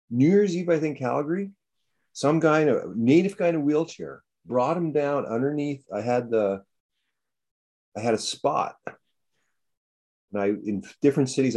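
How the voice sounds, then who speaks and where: A man talking loosely and profanely, spinning long anecdotes in an everyday, mid-pitched voice. His talk wanders and doubles back, and he breaks into high mocking impressions of other people. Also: husky. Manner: profane, rambling, animated storytelling with jumps into high mocking voices. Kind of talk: casual storytelling chat.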